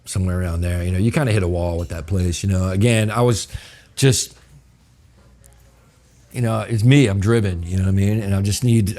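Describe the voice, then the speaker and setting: Deep-voiced New Orleans man telling stories. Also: darkish tone. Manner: profane, rambling, lots of "you know" and "I'm like". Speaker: chef telling his story as a guest. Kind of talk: casual storytelling.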